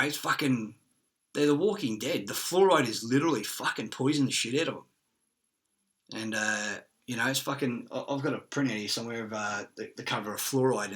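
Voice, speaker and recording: A man's voice: mid-range voice, a little fast, fairly bright tone. A man with an Australian accent ranting in an agitated, profane, rambling monologue.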